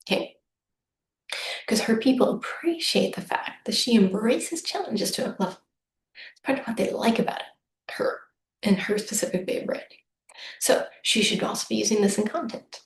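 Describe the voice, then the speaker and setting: A woman coach giving a casual, upbeat solo reading, chatty and often acting out what her clients might say. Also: medium pitch. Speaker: human design business coach. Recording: echoey room with faint noise.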